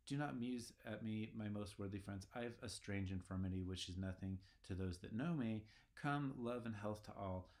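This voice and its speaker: A man's voice: on the low side, moderate pace, few pauses, a little mellow, natural voice. A man reading aloud the lines of a haunted, shaken king in his everyday voice. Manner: plain read-aloud delivery.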